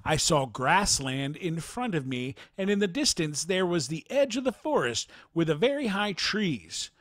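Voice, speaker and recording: A man narrating a near-death experience account in a formal, measured reading style. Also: a little high, no room sound, clean studio sound.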